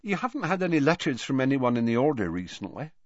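A man's voice: medium pitch, big pitch swings, quick pace, dry recording, voice pushed up. A man voicing a sad, distracted young woman in an audiobook reading. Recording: dull dry audiobook recording.

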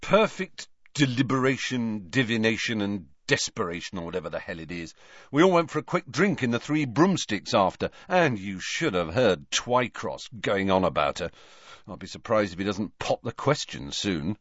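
A man's voice: on the low side, sing-song, moderate pace, a bit bright, dry recording. A man voicing a cheeky, boastful teenage boy in an audiobook reading. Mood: offhand. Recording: dull dry audiobook recording.

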